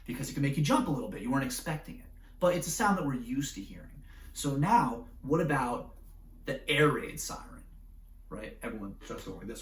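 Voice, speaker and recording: An animated male teacher lecturing a class, constantly checking in with his listeners. His mid-pitched voice sounds roomy and echoey, picked up from a little distance off the mic. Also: a little fast, slight background noise. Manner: animated, acts out scenarios with voices, keeps asking "right?".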